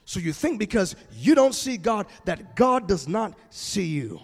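A man preaching a sermon as pastor, building from calm explanation to emphatic shouting. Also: high voice, a little slow, gravelly, slightly rough, in a large hall.

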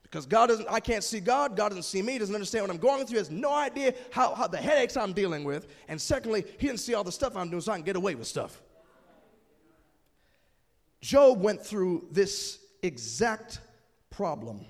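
A man preaching a sermon as pastor, building from calm explanation to emphatic shouting. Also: sits high, moderate pace, gravelly, in a large hall.

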